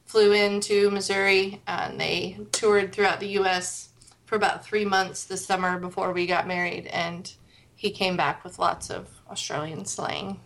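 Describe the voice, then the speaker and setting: A woman's voice: medium pitch, level tone, unhurried, a bit bright. A woman in her thirties from the United States, a podcast guest chatting and telling stories. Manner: chatty, storytelling. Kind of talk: casual chat.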